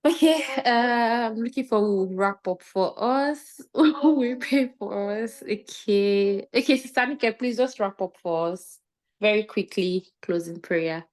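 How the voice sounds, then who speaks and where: A woman's voice: medium pitch, a little slow. A woman chairing an online community session over a video call, keeping time and thanking speakers with church phrasing. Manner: warm thanks, light laughter, church phrasing. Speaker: moderator.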